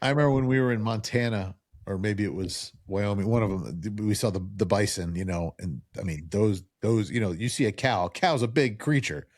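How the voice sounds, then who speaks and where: A middle-aged man from New Jersey, a podcast guest telling lively stories in casual chat and acting out the people he quotes. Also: lowish voice, a little fast, hardly any pauses, no room sound, clean studio sound. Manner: animated storyteller who acts out quoted voices.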